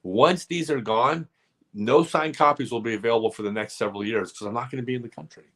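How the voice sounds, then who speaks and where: A man hosting a casual live stream, telling rambling, animated stories full of asides. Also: mid-range voice, fast talker.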